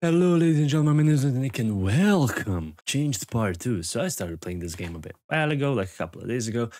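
A young man giving casual gameplay commentary, swearing and getting frustrated, jumping into high yells. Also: animated, a little fast, soft background music. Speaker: gaming video host.

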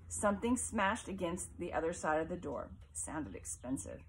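Woman narrating a novel, expressive. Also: on the low side. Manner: measured, expressive reading. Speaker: audiobook reader. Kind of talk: audiobook narration.

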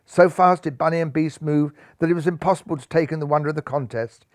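A man's voice: on the high side, fast talker, no echo, clean studio sound. Man reading a children's story dramatically. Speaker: narrator.

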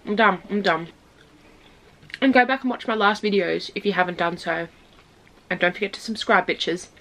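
A woman's voice: mid-range voice, moderate pace, sharp tone, a little hiss or hum. A young woman chatting casually in her vlog, rambling, swearing and giggling. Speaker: vlogger.

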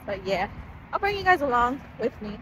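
A woman's voice: fairly high pitch, very animated, moderate pace, heavy background noise. A young woman talking casually and candidly to her camera at home as she gets ready, rambling and swearing now and then. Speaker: vlogger. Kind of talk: casual get-ready-with-me vlog chat. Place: at home, getting ready at a vanity.

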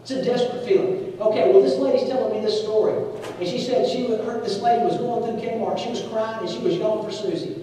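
A man's voice: high voice, fairly even intonation, fast, dark tone, a little hiss or hum. A man preaching a sermon, telling stories, repeating key phrases and asking the congregation "Amen?". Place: church sanctuary. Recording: echoey hall from far off.

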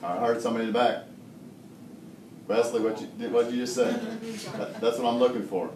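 A man teaching a high school chemistry class, explaining step by step and joking with students. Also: a little fast, crowd noise. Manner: joking, animated explainer who laughs often. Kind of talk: classroom lecture. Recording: echoey classroom from far off.

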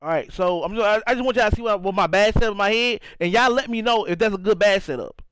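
A man's voice: sits high, fast talker, fairly bright tone, clear, resonant tone, dry recording, low-quality recording. A young man from St. Louis, Missouri, chatting loosely on a live game stream and reacting to chat as he goes. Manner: loose and repetitive, reacting to chat, frequent "you know what I'm saying". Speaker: gaming streamer. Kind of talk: casual live-stream commentary.

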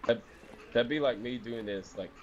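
A man's voice: medium pitch, moderate pace, highs cut off, noisy background. A man chatting casually with another player during a game, in a laid-back, joking way. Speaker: other player in voice chat.

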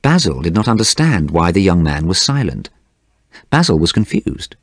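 A man narrates a simple story for English learners, slow and clear. His voice is low and a little husky, with lively pitch. The sound is dry and close. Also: no room sound.

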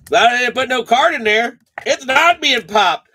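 A man's voice: very high voice, expressive, moderate pace, sharp tone, a little hiss or hum. A man hosting a live card break stream, chatting casually, reading off names and teasing his viewers.

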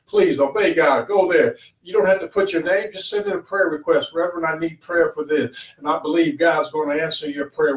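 Guy preaching a fired-up sermon, kinda high voice, far off the mic in an echoey room. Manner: fervent preaching with repetition and rising emphasis. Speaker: pastor.

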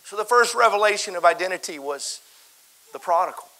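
A man preaching a fervent sermon in a church, full of repetitions and stammered restarts, swinging between loud exhortation and softer pleading. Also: high-pitched, lively intonation, fairly quick. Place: church sanctuary.

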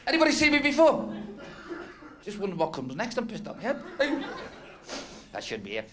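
A man's voice: high voice, wildly swooping pitch, a little fast, a crowd in the background. A man from North West England doing a rambling, self-mocking stand-up routine on a club stage, often laughing at his own jokes. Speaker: stand-up comedian. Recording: noisy old club recording. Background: audience laughter.

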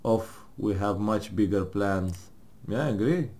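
A man's voice: on the low side, unhurried, a little mellow. Man, casual gamer, jokey, laughs often, swears, mock-serious read-aloud tone. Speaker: gamer playing with partner. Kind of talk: casual gaming commentary, reading game text aloud.

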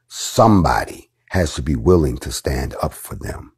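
A deep, husky-voiced man speaks to his followers in a live stream. He preaches in rolling repeated lines, blunt and full of cursing, at times low and quiet, at times fired up. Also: sing-song, moderate pace. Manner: preaching, repetitive rhetorical cadence, swings from quiet to fiery; blunt, profane. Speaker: group leader addressing followers.

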